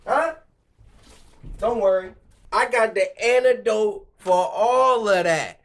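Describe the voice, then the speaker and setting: A man hosting a horror story reaction show, giving comedic commentary and loudly joking back at the story. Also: sits high, takes it slowly, noisy background. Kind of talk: comedic commentary over videos.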